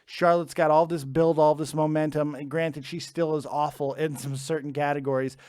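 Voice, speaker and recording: A man's voice: on the high side, flat delivery, moderate pace, a little mellow, no room sound, studio quality. A man hosting a live wrestling prediction stream from home, chatty and joking as he reads out the chat. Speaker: wrestling show host.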